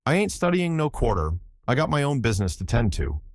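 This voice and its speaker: A man voicing a tired, sharp-tongued Southern washerwoman speaking in dialect, pitched up. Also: very animated, a little fast, dry recording, studio quality. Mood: scolding.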